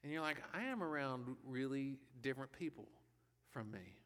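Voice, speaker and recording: A man's voice: medium pitch, animated, normal speed, a bit bright. A male pastor giving a conversational sermon, often checking in with rhetorical questions. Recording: long reverb of a hall.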